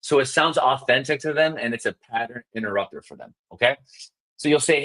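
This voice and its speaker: Upbeat male sales coach, quick and emphatic, mid-pitched, acts out phone scripts for trainees. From South Florida. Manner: energetic, fast, emphatic, demonstrates scripts. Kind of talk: live coaching session.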